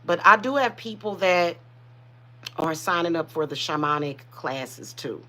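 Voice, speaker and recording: A woman's voice: lowish voice, lively intonation, a little slow, pushed and bright. A woman who hosts a spiritual reading channel, speaking in casual, emotional livestream chat with many restarts. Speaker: spiritual reader and channel host.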